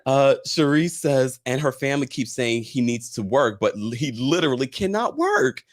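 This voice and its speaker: A man hosting a casual reality TV recap, chatty and animated, reading viewer comments aloud and laughing often. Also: mid-range voice, normal speed, background noise. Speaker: host.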